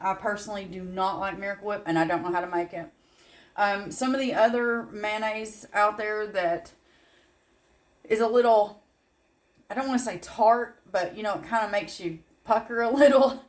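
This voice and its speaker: A middle-aged Southern woman walks through a homemade recipe in an easygoing, rambling way. She drifts into asides and small laughs as she goes. Her voice sits at an ordinary, middle pitch. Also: moderate pace. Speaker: home cooking channel host. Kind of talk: casual cooking demonstration.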